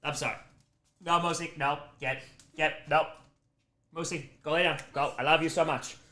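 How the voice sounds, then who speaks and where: A man hosts a charity livestream, his voice bright and sitting a little high. He chats loosely, fondly scolding his dog between thank-yous to donors. The sound carries a roomy echo. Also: steady tone, normal speed. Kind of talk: casual livestream chat.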